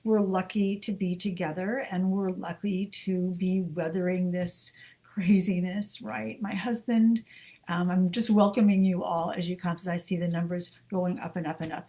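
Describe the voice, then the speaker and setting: A middle-aged American woman co-hosts a live book show from her home desk, greeting viewers by name in casual stream chat. She's warm and chatty with lots of ums, her voice low-ish at a normal speed.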